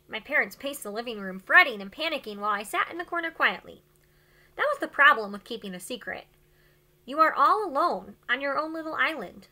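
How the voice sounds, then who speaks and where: Rich: A woman teacher reading a novel aloud to her class. Her voice is high, very bright, and swings widely in pitch, and her delivery is expressive and dramatic. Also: a little fast.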